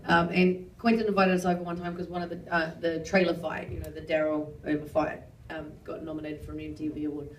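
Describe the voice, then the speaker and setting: A woman's voice: sits low, level tone, quick pace, few pauses, distant mic. A chatty, self-mocking woman with a New Zealand accent rambles through stories as a guest on a live panel stage. Her voice comes from some way off the mic and rings around a roomy hall. A faint hiss sits underneath.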